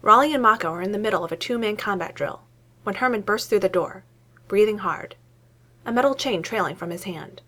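A woman reading fiction aloud in an expressive storytelling manner. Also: medium pitch, a little fast. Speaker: story reader.

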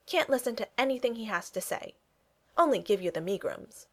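A woman's voice: on the high side, animated, brisk, voice pushed up. Lady reading as a young regency gent, clipped and blunt, voice swings up and down a lot. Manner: clipped speech, dropped pronouns.

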